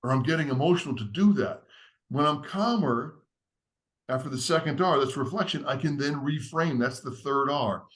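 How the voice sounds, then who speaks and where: A man's voice: medium pitch, expressive, normal speed, a bit bright. Man, podcast guest, earnest, teacherly, structured explanation. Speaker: podcast guest, leadership author. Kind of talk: explaining a framework in conversation.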